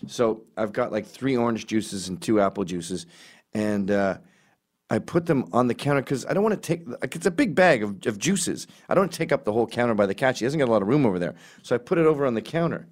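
A middle-aged man telling comic stories in a rambling, self-correcting way, squeaking up for quoted voices. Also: animated, fairly quick. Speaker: comedian. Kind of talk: casual storytelling monologue.

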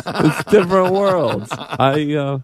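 A man's voice: fairly high pitch, animated, takes it slowly, a loud crowd. A man from Idaho, a guest telling self-deprecating comic stories in casual chat, acting out little voices.

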